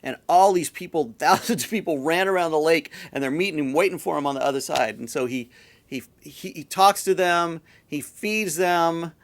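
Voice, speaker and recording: A male pastor giving a sermon in a relaxed, conversational storytelling way, often repeating words as he goes. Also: fairly high pitch, moderate pace.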